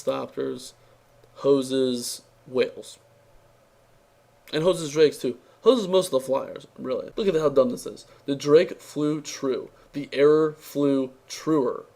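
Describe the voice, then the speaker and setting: A young man with a mid-pitched, worn-out voice that sounds strained from talking. He drifts through an offhand, sarcastic review and keeps stumbling on fillers and restarts. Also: creaky, darkish tone. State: tired, strained voice. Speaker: card game reviewer. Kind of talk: casual spoken review.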